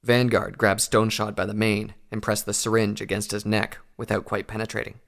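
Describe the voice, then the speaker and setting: A man narrating a fantasy story in a steady, measured audiobook reading. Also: on the low side, vocal fry. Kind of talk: audiobook reading of fan fiction.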